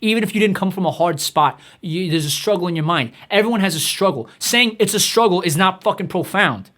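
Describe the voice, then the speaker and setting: A man delivering a profane comedic rant in a rapid, exasperated, swearing tirade. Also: high voice, fairly bright tone. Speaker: comedic ranter.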